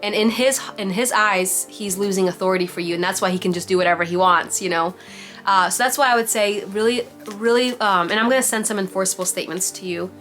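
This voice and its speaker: A woman's voice: mid-range voice, fast, fairly bright tone, soft background music. A young woman giving parenting advice to other mothers on a video call, chatty, full of "like" and "you know". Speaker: mom giving parenting advice to a support group. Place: home, on a virtual meeting. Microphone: computer mic on a video call.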